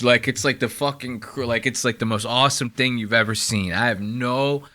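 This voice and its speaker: A man hosting a casual reaction commentary, talking in animated disbelief and swearing freely. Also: medium pitch, a little fast, few pauses. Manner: incredulous, animated, swears often. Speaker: host.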